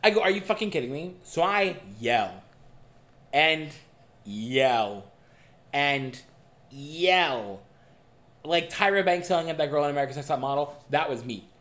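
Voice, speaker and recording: A young man co-hosting a podcast, telling a dating story in a casual, animated and profane way. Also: fairly high pitch, slow, pauses often. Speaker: podcast co-host. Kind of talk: casual chat.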